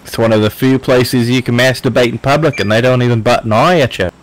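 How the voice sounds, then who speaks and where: A man joking crudely and deadpan with friends during an online game. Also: mid-range voice, fast talker, a little hiss or hum, poor audio. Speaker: gaming friend. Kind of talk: casual gaming chat.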